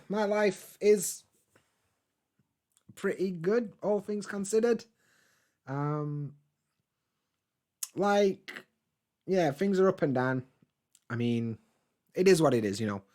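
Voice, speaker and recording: A man's voice: a little high, darkish tone. Laid-back man chatting. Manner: laid-back, chatty, swears freely, laughs often. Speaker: vlogger reading live chat. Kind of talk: casual live-stream chat.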